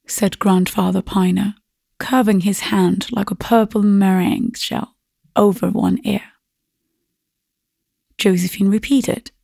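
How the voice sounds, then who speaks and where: Slow, gravelly woman reading a classic. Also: mid-range voice, steady tone, mellow, no room sound, studio quality. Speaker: audiobook narrator. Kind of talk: scripted narration.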